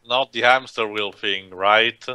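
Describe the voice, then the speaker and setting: A man's voice: lowish voice, steady tone, measured pace, sharp tone, clean tone, no room sound, rough recording. A man throwing sarcastic quips at the film in a casual group movie commentary. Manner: sarcastic quips aimed at the director.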